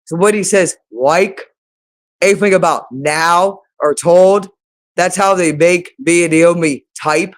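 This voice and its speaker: Agitated man repeating himself, slightly high. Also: takes it slowly. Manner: agitated, accusatory, repeats phrases over and over. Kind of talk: rambling monologue to viewers.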